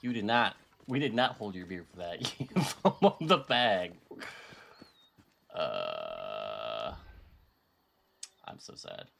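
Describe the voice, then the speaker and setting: A man's voice: medium pitch, expressive, normal speed, hardly any pauses, fairly bright tone. Ranting male gaming streamer. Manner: ranting, frustrated, laughs often. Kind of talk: live-stream commentary.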